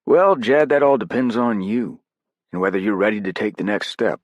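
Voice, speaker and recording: A man's voice: fairly low pitch, lively intonation, moderate pace, no echo, dull audio, voice pushed up. A man voicing a wry, easygoing veteran special ops leader who teases in a folksy way, in an audiobook.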